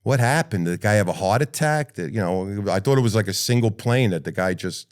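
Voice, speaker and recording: Older new york guy, low smooth voice, blunt and cussing as he tells his firefighter story. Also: brisk. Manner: blunt, profane, lively retelling. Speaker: retired firefighter guest. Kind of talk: interview storytelling.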